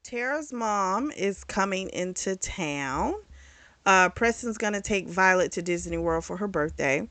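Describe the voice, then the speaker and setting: A woman's voice: mid-range voice, animated, a little slow, fairly bright tone, no room sound. Chatty woman recapping a book. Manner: chatty, retells plot in quoted voices, frequent "like" and "um"; candid, swears casually. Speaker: book reviewer. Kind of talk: casual book review recap.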